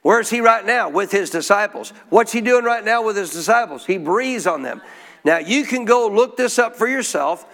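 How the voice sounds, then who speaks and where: A man's voice: high-pitched, animated, normal speed, a bit bright. A man preaching a sermon in a church, putting questions to the congregation and drawing answers back in call-and-response. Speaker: pastor.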